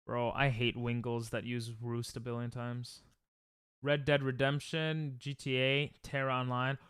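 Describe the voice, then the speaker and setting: A man's voice: medium pitch, flat delivery, unhurried, fairly bright tone, clear, resonant tone, no echo. A young man chatting casually on a live stream while gaming, joking, laughing often and reading chat aloud from a close desk mic at home.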